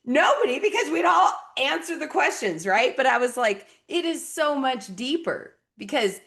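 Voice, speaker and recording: A woman in her thirties, a relationship coach and podcast host, talking bluntly and with plenty of swearing as she tells animated stories about her clients. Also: sits high, moderate pace, creaky. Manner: blunt, profane, animated storytelling. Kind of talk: candid podcast conversation.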